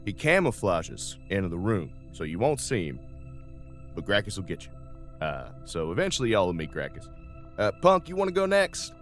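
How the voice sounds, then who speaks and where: A man's voice: deep voice, big pitch swings, normal speed, soft background music. A man playing a folksy old starship captain. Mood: easygoing. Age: older. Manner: folksy, drawling, uses ain't and y'all. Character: older male starship captain, folksy and easygoing.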